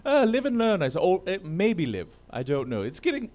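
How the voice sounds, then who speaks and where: A man playing a prim, indignant guest, pitch jumps all over, slightly higher voice, improv comedy. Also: huge pitch swings, brisk, a little mellow. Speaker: improv performer.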